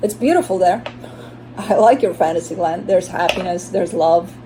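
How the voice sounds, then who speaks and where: A woman's voice: on the low side, moderate pace, background noise. A woman giving a casual tarot reading, chatty and blunt, swearing now and then and voicing the listener's inner thoughts. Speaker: tarot reader.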